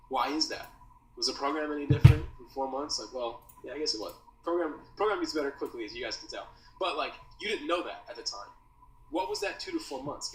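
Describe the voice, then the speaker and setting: In a mid-range, sharp-toned voice, a man teaches a copywriting course in loose, slangy talk, calling his listeners dude and bro. The mic is distant, the room echoes, and there's faint noise.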